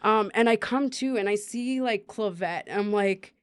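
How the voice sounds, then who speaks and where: A woman's voice: mid-range voice, moderate pace, hardly any pauses, clean tone, no room sound, studio quality. A woman from Canada telling her recovery story as a podcast guest, earnest, with many "like" fillers and acted-out dialogue.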